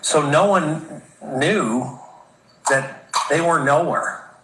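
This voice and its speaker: A man explaining a procedure step by step in a measured interview tone. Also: on the high side, echoey room, background noise.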